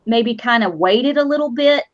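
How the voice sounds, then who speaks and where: A woman's voice: a little high, expressive, normal speed. A woman hosting a casual fan show chat, blunt, profane and sarcastic. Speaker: host. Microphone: streaming mic. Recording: lo-fi online stream audio.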